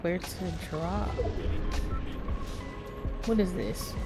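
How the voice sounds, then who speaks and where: Excitable woman yelling over game play. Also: on the low side, over music. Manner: excitable, exclaims to the Lord and Jesus, repeats words fast. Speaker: gaming channel host. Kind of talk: live gameplay commentary.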